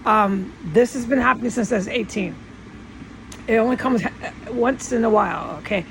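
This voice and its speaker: Gravelly woman rambling defensively. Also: a little high, moderate pace, a little hiss or hum, low-quality recording. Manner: defensive, rambling, repeatedly insisting. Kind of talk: casual monologue vlog. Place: at home.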